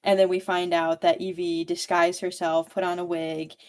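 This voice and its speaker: A woman's voice: fairly low pitch, level tone, normal speed. A woman giving a casual, chatty book recap, swearing freely and saying "like" constantly. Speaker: book podcast host or guest.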